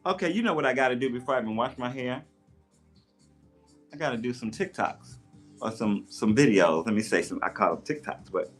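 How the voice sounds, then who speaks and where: A man's voice: medium pitch, brisk, soft background music. Chatty man livestreaming while doing his hair. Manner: chatty, animated storyteller with playful voices in quotes. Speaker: live streamer. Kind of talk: casual livestream chat. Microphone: tablet mic.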